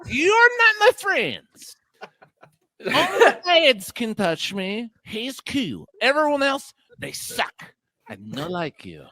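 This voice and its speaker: A man's voice: very high-pitched, huge pitch swings, slow, sharp tone, no echo, voice pushed up, exaggerated voice. A man voicing a haughty, grumpy female cat who talks in a snooty, dismissive way.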